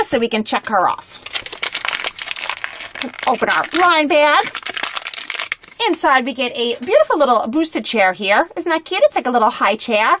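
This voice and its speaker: High-voiced gushing toy-unboxing woman. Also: slight background noise. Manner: gushing, excited, chatty.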